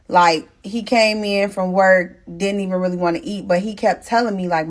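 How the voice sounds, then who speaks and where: This is a young pregnant woman in a casual storytime, talking straight to her viewers. She is animated and blunt and swears freely. Her voice sits at a middle pitch for a woman. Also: normal speed, few pauses. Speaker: storytime host.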